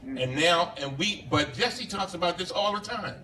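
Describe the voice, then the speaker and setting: A man, a congressman, giving an impassioned speech at a bar reception, halting and repeating himself, recorded from a distance. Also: sits high, lively intonation, bright, forceful tone. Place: bar reception room, indoors. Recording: distant camera with faint background noise.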